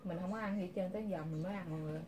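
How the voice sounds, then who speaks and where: A woman with a Vietnamese accent, a little low in pitch, chatting casually over a meal at home. She flips between broken English and Vietnamese and teases. A faint hiss sits under her voice. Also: rapid-fire, warm tone. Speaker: vlogger. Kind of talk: casual mealtime chat.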